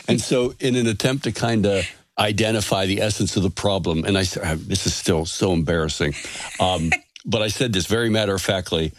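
Older man, low-pitched, self-deprecating storyteller guest, dry mic. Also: a little fast, no echo. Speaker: author guest. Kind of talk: casual interview.

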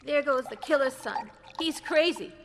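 A woman's voice: high-pitched, normal speed, a bit bright, a little hiss or hum. A woman voicing a hostile taunting figure from a man's memories, spiteful and jeering. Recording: long echoing reverb.

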